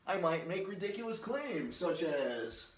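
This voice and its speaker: A man's voice: high-pitched, big pitch swings, a little slow, reverberant. A man hosting his company's video series, talking straight to camera in a goofy, shameless way. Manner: goofy, shameless, breaks into silly voices. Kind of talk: jokey direct-to-camera talk with impressions.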